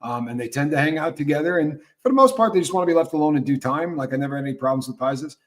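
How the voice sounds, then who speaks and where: A man hosting a loose, unscripted morning talk show, with a slightly high voice for a man. He tells stories with many restarts and acts out what people said. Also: lively intonation, very fast. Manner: storytelling with acted-out quotes and frequent restarts. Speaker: host. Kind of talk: casual live talk show chat.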